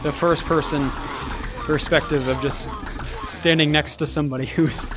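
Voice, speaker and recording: Young male gamer, slightly high voice, dry self-deprecating humor, weary from a marathon stream. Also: fairly even intonation, normal speed, background noise. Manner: wry, self-mocking, chatting to viewers while playing. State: tired from a very long stream. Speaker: livestreamer. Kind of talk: casual livestream gaming commentary. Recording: game music playing behind.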